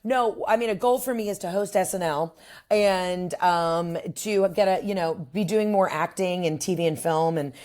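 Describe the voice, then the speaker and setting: A woman comedian, a guest on a podcast, telling stories in a brash, crude, animated way. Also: fairly low pitch, moderate pace. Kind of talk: casual interview chat.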